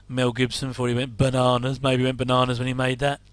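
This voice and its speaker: A man's voice: mid-range voice, monotone, quick pace, smooth, no echo. A middle-aged man giving rambling casual commentary while watching an old TV episode, with wry asides and chuckles.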